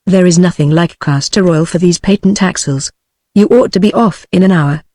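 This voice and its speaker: A text-to-speech woman's voice with a British accent, voicing a brisk, commanding elderly uncle in a novel. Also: on the low side, warm tone, dry recording, clean studio sound, natural voice. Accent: British English. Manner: bustling, commanding.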